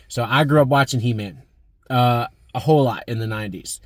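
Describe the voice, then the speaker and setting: A man's voice: medium pitch, brisk, no echo, studio quality. A man in his thirties chatting enthusiastically about a movie as a vlog host, with plenty of fillers. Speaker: movie review vlogger. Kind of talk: casual chat.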